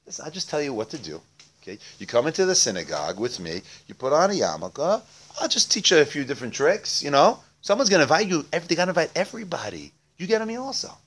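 A man's voice: on the high side, very animated, fast, fairly bright tone, pitched above the performer's own voice. A man voicing a cheerful homeless beggar who talks a friend into a plan eagerly and persuasively.

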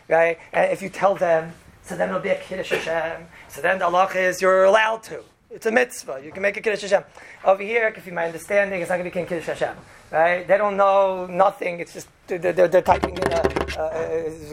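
A man's voice: high voice, vocal fry, background noise. A man giving an informal religious law lesson in a conversational way, often asking "right?" and acting out the people in his examples. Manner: conversational, often asks "right?", acts out quotes. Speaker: Torah teacher.

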